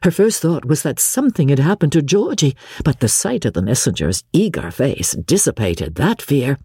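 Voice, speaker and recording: A woman narrating a classic novel with expressive, storytelling delivery. Her voice is husky and dark, with a wide, lively pitch range. The recording is close and dry. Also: moderate pace, hardly any pauses, no echo. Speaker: audiobook narrator.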